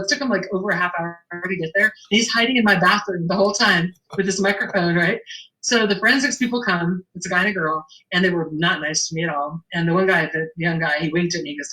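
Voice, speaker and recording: A woman's voice: fairly low pitch, quick pace, rough recording. A middle-aged woman, a shop owner, telling an anecdote in a casual interview, acting out the dialogue and laughing often. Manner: animated storyteller, acts out the dialogue, laughs often.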